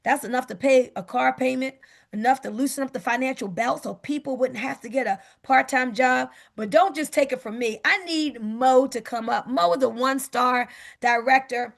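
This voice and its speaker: A woman making an upbeat sales pitch on a video call, often asking "guess what". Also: moderate pace, vocal fry.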